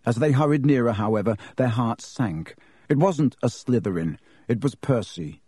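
A man narrating a storybook audiobook in an even, measured reading. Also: mid-range voice, husky, no echo, clean studio sound.

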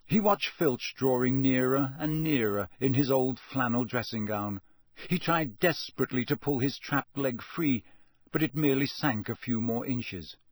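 A male narrator reads a story in a measured, expressive way at a middling pitch. The sound is dry and close, with no room around it. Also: dry recording. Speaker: audiobook narrator.

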